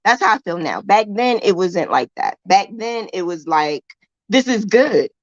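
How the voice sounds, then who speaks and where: A woman chats playfully and at length, turning crochet hooks into lovers in a long joking story. Her voice sits at an ordinary middle pitch. The sound is dull and lo-fi, with a dry close feel and no room echo. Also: big pitch swings, unhurried. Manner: playful and chatty, likens crochet hooks to romance. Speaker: crochet host. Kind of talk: casual livestream chat.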